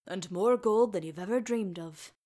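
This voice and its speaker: A woman's voice: medium pitch, normal speed, warm tone, natural voice. A woman voicing a kindly, stubborn old deaf male dwarf healer with homely, folksy speech. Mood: gentle, reassuring.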